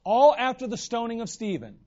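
A man preaching a sermon in an animated way, acting out the voices in the stories he retells. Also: very high-pitched, fairly quick, dull audio.

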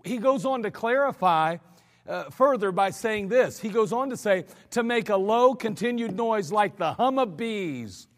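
A man preaching a sermon to his congregation, telling stories in a loose, conversational way with animated acted quotes, recorded in a church sanctuary. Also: high voice, a little slow. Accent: American. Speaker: pastor. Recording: church hall reverb.

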